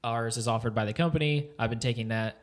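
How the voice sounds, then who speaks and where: A man's voice: medium pitch, quick pace. Laid-back young man, rambling casual chat. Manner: laughs often, rambling with many "like"s. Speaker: podcast co-host.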